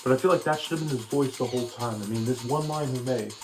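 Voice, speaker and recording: A man's voice: medium pitch, fast talker, loud music behind the voice. A man giving a casual, opinionated critique of a cartoon, rambling with frequent restarts. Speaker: video commentator.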